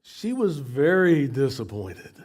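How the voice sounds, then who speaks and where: A man's voice: mid-range voice, big pitch swings, slow pace, darkish tone. A middle-aged American man preaching a sermon, often stumbling and repeating words as he goes. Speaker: pastor.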